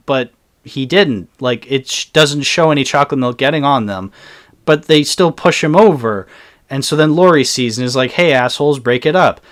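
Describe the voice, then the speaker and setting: Exasperated young man ranting about a film. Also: fairly high pitch. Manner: exasperated, sarcastic, swears freely. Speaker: movie reviewer. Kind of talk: casual film review rant.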